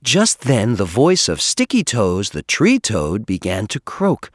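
A man reading a children's animal story aloud with an expressive, measured storytelling manner. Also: lowish voice, no room sound, clean studio sound. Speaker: narrator. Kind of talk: storybook narration.

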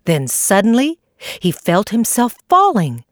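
A woman reading a children's animal story aloud in an expressive way. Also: medium pitch, a little slow, no room sound, studio quality. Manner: lively, expressive. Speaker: narrator.

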